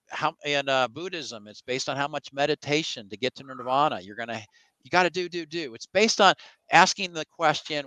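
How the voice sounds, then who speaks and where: Bright, earnest male storyteller in dry sound. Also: mid-range voice, dry recording, poor audio. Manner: earnest storyteller who acts out quoted voices. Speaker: evangelical Christian guest. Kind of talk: conversational interview.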